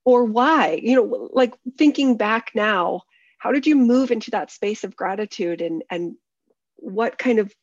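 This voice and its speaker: Woman host, conversational interviewer, slightly raised pitch, dry remote line, supportive and probing. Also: expressive, measured pace, no room sound. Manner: probing, rephrases questions, supportive. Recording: dull distant remote audio.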